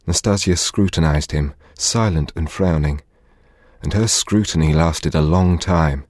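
Deep, husky male audiobook narrator. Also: a little mellow, no room sound. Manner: measured, dramatic reading.

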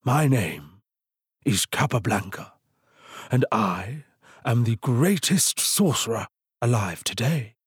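A man's voice: mid-range voice, big pitch swings, slow, long pauses, husky, no room sound, studio quality, full character voice. A man voicing a terse, proud old male sorcerer who speaks in a solemn, archaic way in a storybook reading.

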